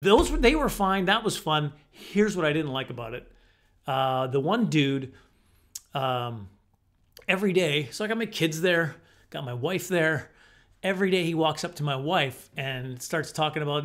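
A middle-aged man with a slightly high voice tells stand-up comedy stories. He is animated and self-deprecating, and he often breaks into acted-out voices. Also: moderate pace.

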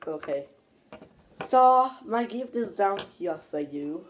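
A woman talks in a playful, casual vlog manner at an unhurried, drawn-out pace. Her mid-range voice jumps into sharp yelps and loud outbursts now and then. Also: mid-range voice, expressive, slight background noise. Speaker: vlogger. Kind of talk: playful holiday vlog chatter.

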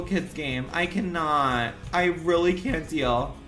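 A man's voice: a little high, slow pace, few pauses, a bit bright, soft background music. A man livestreaming a game with sassy, dramatic, profane self-talk. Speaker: streamer. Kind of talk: live gaming commentary.

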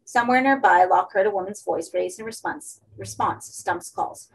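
A woman narrating a horror story for an audiobook in a steady, measured way. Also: mid-range voice, creaky, breathy edge, rough recording.

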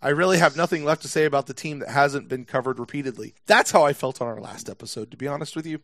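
A man's voice: on the high side, fast, fairly bright tone, no room sound, clean studio sound. A man hosting a podcast, reading listener emails aloud in a laid-back way and tossing in his own wisecracks. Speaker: podcast host.

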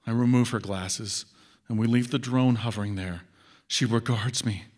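Author guy reading his own story, measured and expressive, middle pitch voice. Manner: measured, expressive first-person narration.

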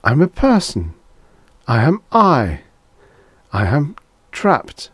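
A man voicing a trapped voice, raised high, desperate, urging on in an audiobook. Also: huge pitch swings, slow pace, husky, no echo, full character voice. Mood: pleading. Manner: pleading then shouting urgently. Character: trapped disembodied voice, sexless, frantic. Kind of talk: audiobook reading.

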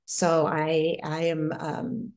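A middle-aged American woman telling a personal spiritual story, slowly and haltingly, with many restarts. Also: low-pitched, completely flat delivery, darkish tone. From United States. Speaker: interview guest.

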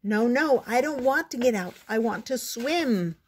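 A woman's voice: fairly high pitch, expressive, a little slow, husky, pitched above the performer's own voice. A woman doing a whiny little boy frog. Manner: whining, reluctant. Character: whiny young male frog who won't swim.

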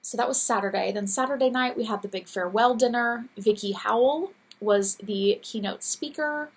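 A woman in her thirties hosts her own podcast in a casual chat, her fairly high, breathy voice a little scratchy and at a moderate pace. She's chatty and gushing, laughs often, and sounds teary.

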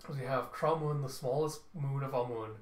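Man, comic reviewer, casual readthrough, mid pitch, roomy room echo. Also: moderate pace, a little hiss or hum. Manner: animated, chuckling storyteller.

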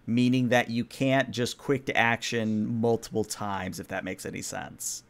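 Man, game master, tabletop game, relaxed, fillers, mid pitch. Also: measured pace. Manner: relaxed, explains rules with fillers. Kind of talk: narrating a tabletop game over voice chat.

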